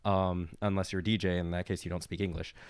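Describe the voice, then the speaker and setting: A young man from Nebraska with a Midwestern accent, chatting casually and laughing through an animated story. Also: low voice, fast talker, a crowd in the background. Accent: Midwestern American. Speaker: cast member. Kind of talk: casual chat.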